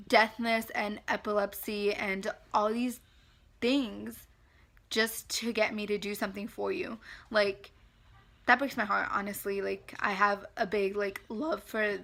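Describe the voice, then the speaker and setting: A woman's voice: mid-range voice, bright, forceful tone. A young woman telling a storytime vlog in casual, profane talk, filled with "like" and angry rants. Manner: profane, heavy use of "like", rants. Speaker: vlogger.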